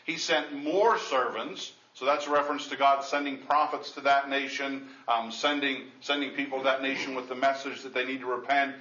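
A man's voice: medium pitch, fairly even intonation, normal speed, few pauses, bright, forceful tone. A man preaching a Bible-teaching sermon in a conversational way, with frequent restarts, reading scripture aloud in old formal wording. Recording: echoey, dull lo-fi room recording.

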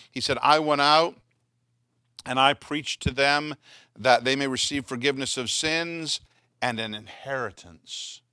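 A man's voice: mid-range voice, pushed and bright, dry recording, clean studio sound. A man giving a conversational Bible teaching, reading scripture aloud and putting questions to his listeners. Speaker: pastor.

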